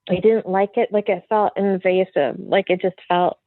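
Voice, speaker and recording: A woman medium, a podcast guest, telling a story in a free-flowing, animated way full of fillers. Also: mid-range voice, moderate pace, dry recording. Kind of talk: casual storytelling in an interview. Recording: tinny phone-like line, dry.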